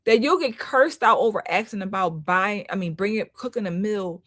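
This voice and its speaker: A woman's voice: medium pitch, moderate pace, a bit bright, no room sound, studio quality. A woman hosting a live-stream commentary, critical in tone, often repeating herself for emphasis and talking to viewers as "y'all". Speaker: host.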